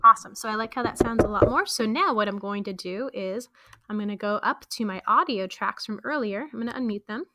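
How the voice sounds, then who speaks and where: A woman's voice: medium pitch, fairly quick, a bit bright, a little hiss or hum. A woman explaining podcast editing in a casual screen-recorded tutorial, walking through each step with friendly fillers. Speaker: teacher showing podcast editing.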